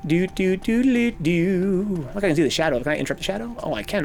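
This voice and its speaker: A man streaming a video game, talking casually with animated, profane, rambling rants. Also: high-pitched, fast, creaky, hardly any pauses, faint music behind. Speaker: gaming streamer. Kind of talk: casual let's-play commentary.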